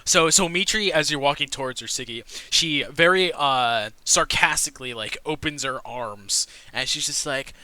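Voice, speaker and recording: A man's voice: mid-range voice, normal speed, few pauses, bright, forceful tone, smooth. A man narrating as game master in a tabletop game, rambling, with lots of filler words and swearing.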